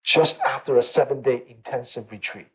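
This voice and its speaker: A man's voice: medium pitch, normal speed, pushed and bright, slightly rough, low-quality recording. A man teaching a meditation class in a conversational way, often checking in with his listeners and repeating phrases for emphasis. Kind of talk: dharma talk to a class.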